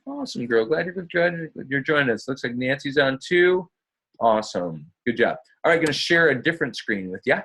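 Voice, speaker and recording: Running a live online session, this fitness business coach stays upbeat and chatty, repeatedly calling his listeners guys. His slightly husky, medium-pitched voice is expressive, a bit bright and moderately paced, heard through a computer mic on a screen-shared video call.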